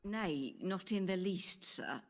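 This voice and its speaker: A proper young Elizabethan lady in a period game, earnest and polite. Her voice sits very low for a woman, and she speaks in formal, old-fashioned phrasing. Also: lively intonation, takes it slowly. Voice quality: formal archaic diction. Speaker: patient at a consultation.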